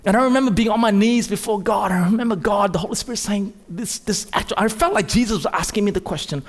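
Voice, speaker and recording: A man preaching a sermon, swinging between loud, urgent rises and quiet, intimate drops. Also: high voice, quick pace, hardly any pauses. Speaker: pastor. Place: church hall. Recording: long hall reverb.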